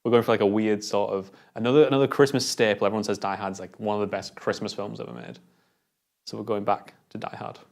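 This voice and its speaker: A British man co-hosting a casual film review, animated and quick to laugh. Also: fairly low pitch, vocal fry. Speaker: film podcast co-host.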